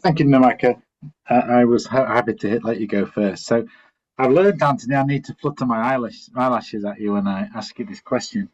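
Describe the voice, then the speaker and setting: A man's voice: mid-range voice, a little fast, a little mellow. A man from Northern England with a Northern English accent, asking a rambling, polite question on a call. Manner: polite, rambling, searching for words. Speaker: audience member asking a question. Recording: dull lo-fi call audio.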